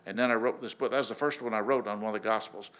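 A man preaching a sermon in a casual, animated storytelling way, often restarting his sentences. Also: fairly low pitch, very fast. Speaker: pastor.

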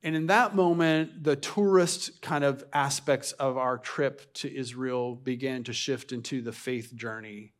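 A man's voice: medium pitch, a little slow, hardly any pauses. A man preaching a sermon as a pastor in a church, talking in a loose, conversational way with repeated restarts and rhetorical questions put to the congregation. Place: church sanctuary.

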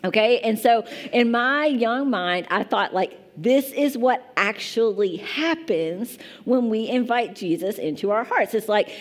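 A woman's voice: fairly high pitch, expressive, a little slow, hardly any pauses. A woman pastor in her thirties from Kentucky with a strong Kentucky accent, preaching a chatty, self-deprecating sermon. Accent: Eastern Kentucky.

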